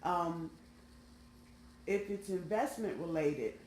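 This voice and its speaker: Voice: medium pitch, takes it slowly, darkish tone, slight background noise. A tarot reader chatting casually and colloquially to viewers while laying out cards. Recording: roomy sound, faint background music.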